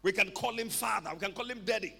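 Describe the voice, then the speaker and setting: A man's voice: high-pitched, fast talker, vocal fry, pushed and bright, slightly rough. A man preaching a fervent sermon, calling out to the congregation for responses. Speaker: pastor. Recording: echoey hall with long reverb.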